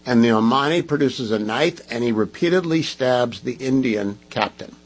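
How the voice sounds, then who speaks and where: A man's voice: mid-range voice, expressive, moderate pace, breathy edge, rough recording. A man hosting a talk radio show, giving emphatic, sarcastic commentary full of rhetorical questions.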